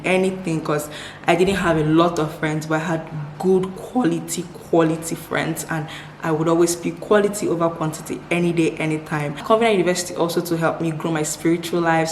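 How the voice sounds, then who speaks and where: A woman's voice: deep voice, slight background noise. A woman from Nigeria in her twenties answering viewer questions in a casual chat, upbeat, often repeating words for emphasis. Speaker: vlogger. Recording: echoey room with faint ambience.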